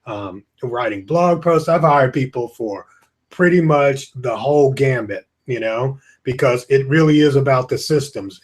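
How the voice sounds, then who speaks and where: Man, casual live webinar host, rambling, tired, yawning, webcam audio. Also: medium pitch. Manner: chatty, rambling, greets viewers by name. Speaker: online course host. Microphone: webcam with screen beside it.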